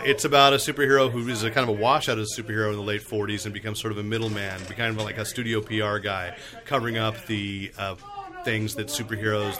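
A man hosting a casual group podcast, chatty, often laughing and trailing off with fillers. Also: fairly low pitch. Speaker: podcast host and comic editor.

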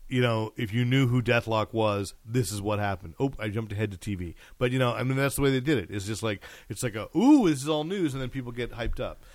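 Talking quickly with few pauses, a man with a fairly low voice hosts a casual podcast chat, rambling through comic news in an animated retelling packed with filler words. There's no echo on the recording.

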